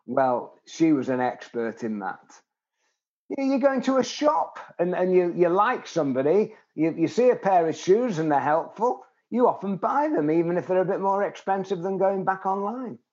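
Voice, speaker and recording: Animated older man telling stories, lo-fi. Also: high-pitched, normal speed. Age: 70s. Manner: animated storyteller, acts out quotes. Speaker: guest. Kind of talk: interview conversation.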